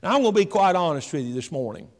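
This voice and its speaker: A male pastor preaching a sermon with rising emphasis, slowing into drawn-out phrases, in a church sanctuary. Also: sits high, sing-song, a little mellow. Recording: long hall reverb.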